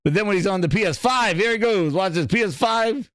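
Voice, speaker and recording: A man hosting a live gaming stream, reacting with loud laughter, swearing and repeating himself. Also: high voice, a little fast, dry recording, studio quality. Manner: excitable, laughing, profane, repetitive.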